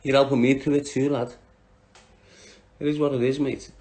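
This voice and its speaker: A man's voice: mid-range voice, flat delivery, normal speed, a little mellow. A man with a Liverpool Scouse accent, talking on a livestream, bluntly and combatively answering viewers by name. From Liverpool, England.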